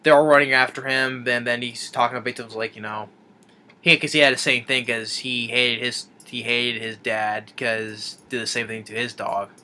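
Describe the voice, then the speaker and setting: A man's voice: medium pitch, level tone, moderate pace, pushed and bright. A man reviewing a film, retelling the plot in a rambling, casual way with many restarts and chuckles.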